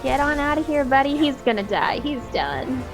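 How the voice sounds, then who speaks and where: A woman streaming an online game, chatting casually with friends, excitable and quick to laugh and whoop. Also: high-pitched. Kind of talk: casual gaming chat with friends. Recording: game music behind the voice.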